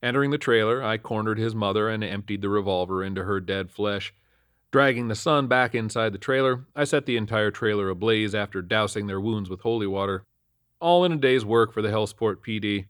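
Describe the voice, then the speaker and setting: Male horror narrator, deadpan, lowish voice, dry close sound. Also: brisk, no room sound. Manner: deadpan, matter-of-fact. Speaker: storyteller. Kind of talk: scripted first-person horror narration.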